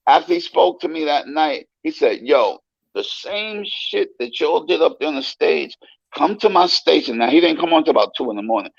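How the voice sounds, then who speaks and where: A man guest telling stories in a casual interview, animated and profane, acting out the voices he quotes. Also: mid-range voice, no echo, muffled recording. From United States.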